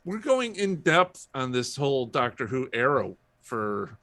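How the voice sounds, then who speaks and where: A man's voice: mid-range voice, big pitch swings, unhurried, pushed and bright, dry recording. A man co-hosting a podcast, chatting casually with a dry, sardonic manner. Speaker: podcast co-host. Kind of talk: casual chat.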